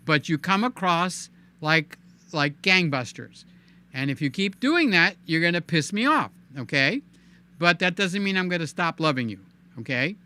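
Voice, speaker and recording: A man hosting a live stream in casual, animated chat, cooing in baby talk and reading viewer comments aloud. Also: high voice, clear, resonant tone. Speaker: livestream host.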